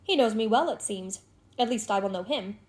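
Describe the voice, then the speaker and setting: A woman voicing a destitute, menacing male stranger who speaks in low, urgent, threatening tones. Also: expressive, normal speed, close to an everyday voice.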